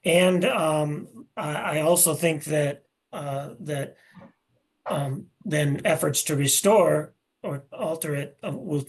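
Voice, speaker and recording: A man presenting a seminar, answering questions in a hesitant, measured way with many pauses and restarts. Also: a little high, breathy edge.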